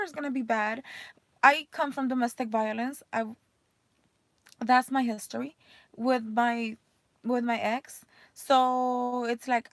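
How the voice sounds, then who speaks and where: A woman's voice: high voice, a bit bright, no echo. A woman in her thirties, a mother, talking candidly in a rambling personal vlog full of fillers. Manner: emotional, voice rising and cracking near tears.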